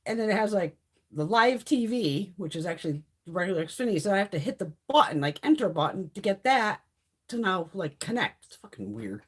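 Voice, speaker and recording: A woman's voice: mid-range voice, big pitch swings, fairly quick, breathy edge. A woman hosting a beauty livestream from home, chatting casually in a blunt, profane way while sick. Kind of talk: casual live-stream chat.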